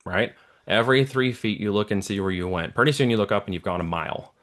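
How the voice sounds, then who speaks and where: A middle-aged man speaks as an interview guest, delivering a motivational talk. He has a fairly low voice and a preachy manner, and he often stops to check that the listener is following. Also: fast talker, a bit bright. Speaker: guest, entrepreneur.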